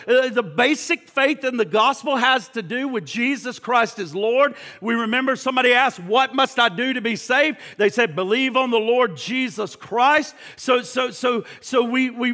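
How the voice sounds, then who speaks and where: A man preaching a sermon, emphatic and pressing, stumbling over repeated words and firing rhetorical questions at his listeners. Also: extremely high pitch. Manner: shouts at points.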